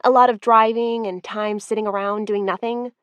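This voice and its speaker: A woman voicing a flustered, proud young woman who talks in rushed, agitated bursts in an audiobook. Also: mid-range voice, fairly even intonation, clean tone, no echo, natural voice. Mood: anxious. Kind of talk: audiobook character voice.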